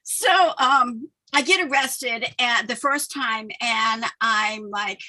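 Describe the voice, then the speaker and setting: A woman hosting a podcast, telling a personal story in animated, rambling casual chat with frequent laughter. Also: fairly high pitch, slow pace. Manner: rambling with many restarts. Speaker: podcast host.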